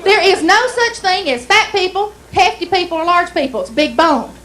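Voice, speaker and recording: A woman's voice: very high voice, animated, moderate pace, fairly bright tone, some chatter behind, slight background noise, rough recording. A woman with an Alabama accent performing a stand-up comedy set on a club stage, telling folksy stories and acting out the dialogue. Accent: Southern US, Alabama. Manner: folksy storytelling, acts out dialogue.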